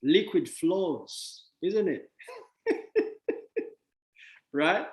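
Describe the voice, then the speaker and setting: A man's voice: high voice, expressive, drawn-out words, roomy sound. A man giving a motivational talk on money, playful with wordplay and laughs, then blunt and dismissive.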